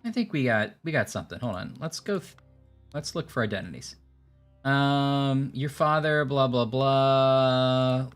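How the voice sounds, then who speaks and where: Man, streamer, animated pitch, casual thinking aloud, faint music behind. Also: a little slow, clear, resonant tone. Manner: musing aloud, stammering fillers. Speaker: game streamer. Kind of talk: casual co-op game chat.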